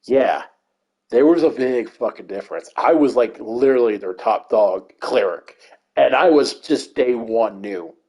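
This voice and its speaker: A man's voice: medium pitch, animated, unhurried, gravelly, mellow. A man telling rambling raid stories over gameplay, swearing constantly in casual commentary. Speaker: gamer recounting raid stories.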